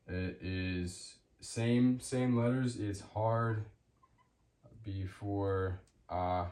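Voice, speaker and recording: Man, language teacher, slow and halting, lowish voice, echoey room. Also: steady tone, warm tone. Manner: hesitant, with many ums and restarts. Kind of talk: unscripted language lesson.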